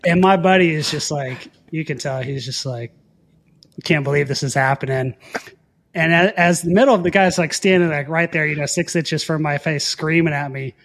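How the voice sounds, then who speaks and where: A man, a former Air Force pilot, casually telling a story in an interview, animated, often laughing and restarting his sentences. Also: on the high side, moderate pace. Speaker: guest.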